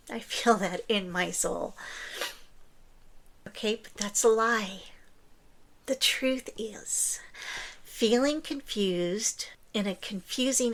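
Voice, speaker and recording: A woman hosting a podcast, talking earnestly and encouragingly, often dropping into a breathy whisper. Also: a little high. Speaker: podcast host. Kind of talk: scripted podcast monologue.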